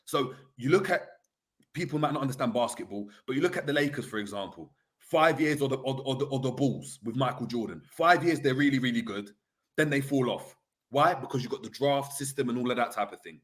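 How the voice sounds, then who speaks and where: Measured man explaining football. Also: mid-range voice. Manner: measured, explanatory, builds an argument. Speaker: football fan pundit. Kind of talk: heated fan debate.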